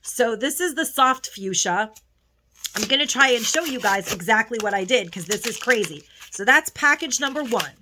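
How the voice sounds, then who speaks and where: Bright-voiced chatty woman vlogger. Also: on the high side, expressive, normal speed, a little hiss or hum. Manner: chatty and gushing, with frequent restarts. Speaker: beauty vlogger. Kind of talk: casual haul video chat. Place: home.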